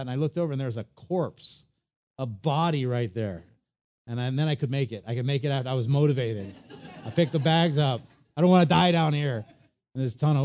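A man preaching a sermon, animated and conversational, often acting out quoted voices. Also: medium pitch. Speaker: pastor.

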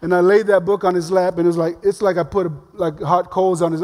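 An older man preaches in a relaxed, talkative way, slipping humor into his stories. His voice sits high for a man. The sound rings with the long echo of a big church hall. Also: fast. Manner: conversational, humorous storytelling. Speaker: pastor. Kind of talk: sermon. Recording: long reverb of a large hall.

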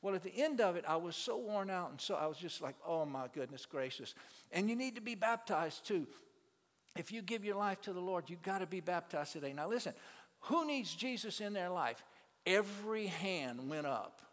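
A man's voice: high-pitched, animated, normal speed, a bit bright. A man telling a testimony as a ministry teacher, an earnest storyteller who stumbles and repeats his words. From South Louisiana. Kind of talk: testimony talk to a church audience. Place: auditorium. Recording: long hall reverb.

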